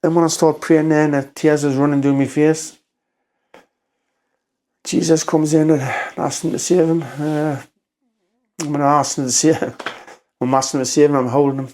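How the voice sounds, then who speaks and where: A middle-aged man, a former doorman telling an emotional story as a podcast guest. He is close to tears, halting and repetitive, and swears. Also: fairly high pitch, little pitch movement, darkish tone. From North East England. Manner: halting, repeats himself, swears.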